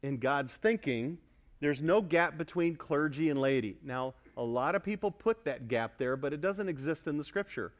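A male pastor preaching a sermon to his congregation, emphatic, asking them for responses and building to loud pointed repetition. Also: a little high, lively intonation, normal speed, lo-fi sound. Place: church sanctuary.

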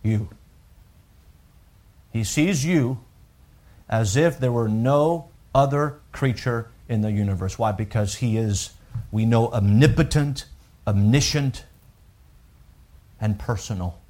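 A man preaching a sermon with emphatic swings from loud declarations to hushed, drawn-out lines, repeating words as he works through a thought. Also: medium pitch. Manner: unhurried, deliberate, with pauses and repeated words. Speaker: pastor.

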